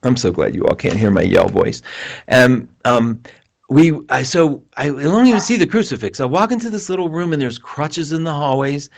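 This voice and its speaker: Animated storytelling male show host. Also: medium pitch, creaky. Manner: animated, self-mocking, quick asides. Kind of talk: casual storytelling to a live audience.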